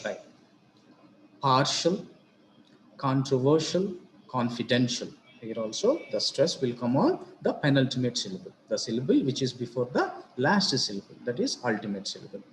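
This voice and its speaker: A man giving a grammar lesson on word stress, speaking slowly and deliberately and repeating example words. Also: medium pitch, huge pitch swings, echoey room, a little hiss or hum. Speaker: English teacher.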